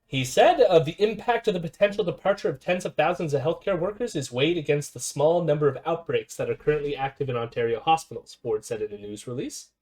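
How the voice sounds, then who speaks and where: A man hosting a casual political commentary stream, sarcastic and quick to laugh. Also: on the high side, a little mellow. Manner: sarcastic, laughs often, mocks quoted voices. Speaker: streamer host.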